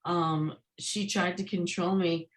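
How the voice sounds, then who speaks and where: A woman author talks in an interview. She is forthright and emphatic, and her voice sits somewhat low for a woman. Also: steady tone, slow, rough recording. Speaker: guest, author. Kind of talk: interview conversation.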